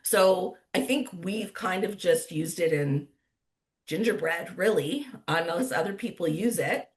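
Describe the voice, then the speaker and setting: A woman's voice: lowish voice, lively intonation, unhurried. A woman with a Canadian accent moderating an online cooking class in a chatty, upbeat way, laughing often. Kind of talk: casual livestream chat.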